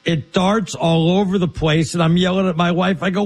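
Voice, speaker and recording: Man, co-host, animated storyteller, slightly high voice, casual sports chat. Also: moderate pace, creaky, few pauses, slightly rough.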